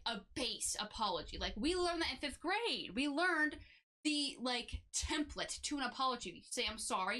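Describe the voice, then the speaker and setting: Sarcastic young woman with a high voice. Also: pushed and bright. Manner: sarcastic, exasperated, swings high for emphasis. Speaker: commentary YouTuber. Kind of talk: reaction commentary. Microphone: home mic with noise suppression.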